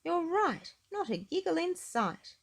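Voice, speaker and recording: A woman voicing a brisk, fussy male doctor examining a patient. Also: extremely high pitch, very animated, creaky, pitched above the performer's own voice, exaggerated voice. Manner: brisk, murmuring hmm.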